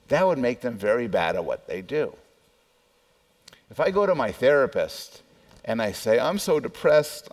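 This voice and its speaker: A man who is a psychology professor, giving a conversational public lecture that poses questions to the audience and adds personal asides. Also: medium pitch.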